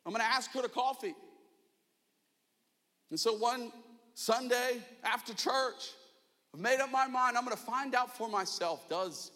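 A young man preaching a sermon, telling a funny personal story with self-mocking animation and shouted asides in a church auditorium. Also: high voice. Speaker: pastor. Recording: long hall reverb.

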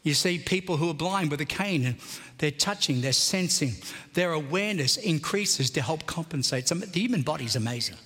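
A man's voice: on the high side, lively intonation, normal speed, fairly bright tone, in a large hall. A male pastor preaching a fervent sermon and urging his congregation to respond.

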